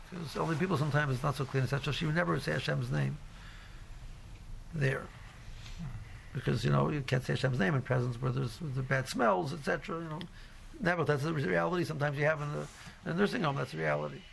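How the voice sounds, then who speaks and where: A man's voice: fairly high pitch, quick pace, creaky, a bit bright, slight background noise. A middle-aged man teaching a casual Torah class, rambling with many fillers and restarts and mixing in Hebrew phrases. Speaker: yeshiva teacher.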